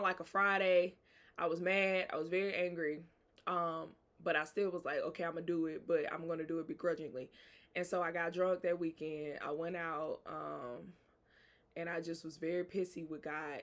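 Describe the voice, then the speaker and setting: A woman podcast host with a Southern US accent, sharing a personal faith testimony in a casual, animated storytelling way and talking straight to her listeners. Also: fairly low pitch, moderate pace. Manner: animated, acts out dialogue, addresses listeners as y'all.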